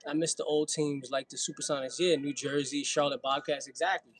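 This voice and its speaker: Husky Brooklyn guy chatting mid-workout. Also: a little high, fairly even intonation, a little fast, low-quality recording. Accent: New York. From Brooklyn, New York. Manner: slangy, laughing, chatty between sets. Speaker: fitness livestream host. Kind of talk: casual livestream chat while working out.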